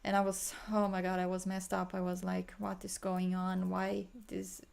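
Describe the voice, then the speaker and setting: A woman guiding a healing meditation, talking slowly and softly with sighs, sometimes chanting in an invented language. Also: on the low side, completely flat delivery, gravelly, clean tone. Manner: slow, soft, sighing, breaks into chanted light language. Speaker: spiritual healer.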